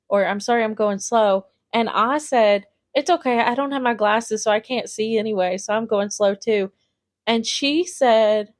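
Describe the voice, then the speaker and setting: A woman's voice: on the high side, dry recording, studio quality. Chatty young woman telling stories. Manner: chatty, rambling, lots of "like" and "literally". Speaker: podcast host. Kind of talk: casual storytelling monologue.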